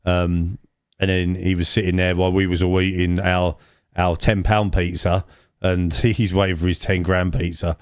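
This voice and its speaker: Low-pitched man, casual podcast chat, rambling, restarts, dry mic. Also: level tone, normal speed, clear, resonant tone, no echo. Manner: rambling, many restarts and stumbles. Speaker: podcast co-host. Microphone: own mic, remote.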